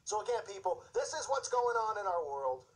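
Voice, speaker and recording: A man's voice: high-pitched, expressive, normal speed, rough recording. A man hosting his own show, delivering an impassioned, indignant religious commentary with mocking asides. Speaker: show host.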